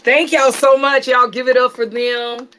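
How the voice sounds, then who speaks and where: A woman's voice: sits high, flat delivery, a little slow, pushed and bright, slight background noise. A woman hosting a church panel talk, playful and coaxing as she calls out to the audience.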